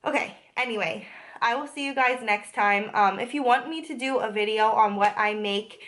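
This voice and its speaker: A young woman vlogger tells a story in a fairly high, fairly bright voice at normal speed. She's chatty and indignant in her retelling, using lots of filler "like"s, and sounds a little out of breath from a cold.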